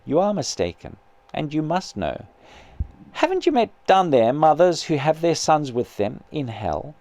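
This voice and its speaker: A man reading aloud as a patient male spirit who gently and earnestly persuades his grieving sister. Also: fairly high pitch, measured pace, heavily acted. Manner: calm, kindly, earnest persuasion.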